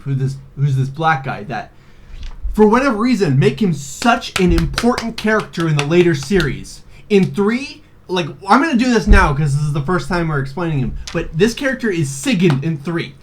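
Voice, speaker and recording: A man's voice: on the high side, sing-song, a little fast, a little hiss or hum. A man in his twenties recapping a video game in a rambling, profane, joking way, full of fillers and laughs. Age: 20s. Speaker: video host. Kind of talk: casual comedic game recap.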